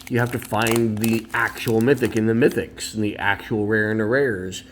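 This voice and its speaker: A man's voice: fairly low pitch, steady tone, moderate pace, slight background noise. A man hosting a casual card-opening video at home, chatty and opinionated, with rambling asides. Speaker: card collector and video host.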